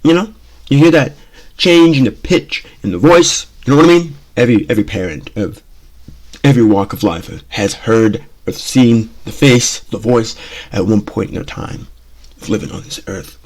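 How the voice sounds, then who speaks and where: Blunt, lowish-voiced man talking his mind. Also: animated, normal speed, a little mellow. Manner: blunt and opinionated, repeats himself, frequent "okay?" and "you know?". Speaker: show host. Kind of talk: casual opinion commentary.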